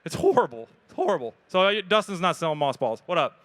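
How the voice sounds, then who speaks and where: A man, answering questions from an audience at a live expo talk in a casual, joking, energetic way. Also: fairly high pitch, fast talker. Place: event hall with audience.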